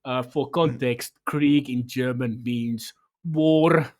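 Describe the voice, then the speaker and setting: Brief: a sarcastic podcast host, rambling and profane, in a mid-range voice. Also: male voice, mid-range voice, slow pace, darkish tone. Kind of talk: casual review chat.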